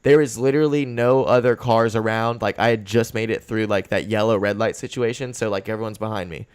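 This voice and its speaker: A man's voice: lowish voice, fairly even intonation, brisk, clean tone. A young man hosting a podcast, telling a road-rage story in casual chat, swearing often and getting worked up. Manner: profane, fired-up storytelling. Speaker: podcast host.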